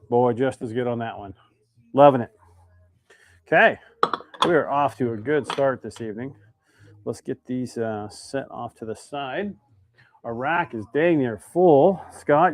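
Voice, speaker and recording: A man's voice: medium pitch, normal speed, very noisy. A man hosting a casual live stream while making fishing baits, chatting and reading viewer comments aloud. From Idaho, United States.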